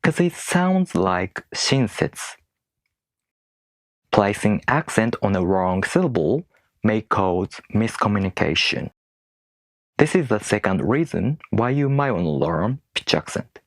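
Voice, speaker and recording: Man, non-native English speaker, low voice, slow deliberate lesson delivery, rhetorical questions, dry close sound. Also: expressive, dry recording. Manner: rhetorical questions, slow careful demonstrations of stress. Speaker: language teacher. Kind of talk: explanatory video lesson.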